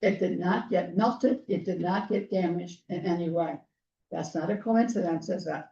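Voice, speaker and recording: A woman speaking earnestly to a gathered group, her mellow voice worn thin as she loses it and keeps clearing her throat. She sounds set back from the mic in a roomy hall, and the recording is dull and lo-fi. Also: fairly low pitch, moderate pace, far from the mic. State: losing her voice. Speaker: guest speaker. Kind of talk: personal storytelling talk.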